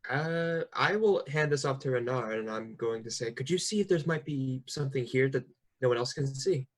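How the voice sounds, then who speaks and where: A man's voice: medium pitch, normal speed. A man playing a tabletop game, speaking hesitantly and restarting phrases. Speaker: player.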